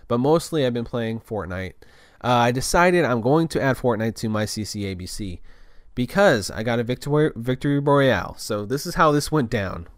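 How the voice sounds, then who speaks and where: A man's voice: lowish voice, no echo, clean studio sound. A young man telling a casual story in a loose, rambling way, full of restarts and filler words.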